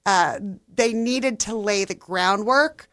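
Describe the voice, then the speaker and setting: A woman's voice: medium pitch, slow, a bit bright, no echo, clean studio sound. A woman guest on a radio show, talking earnestly and with enthusiasm, a solutions-minded speaker. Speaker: guest, housing nonprofit leader. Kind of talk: casual radio interview. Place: radio studio.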